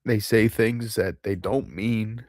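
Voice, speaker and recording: A man speaking in an unscripted confessional monologue to his viewers, halting and heavy, often restarting and trailing off. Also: lowish voice, fairly even intonation, a little mellow, no room sound, clean studio sound. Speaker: channel host.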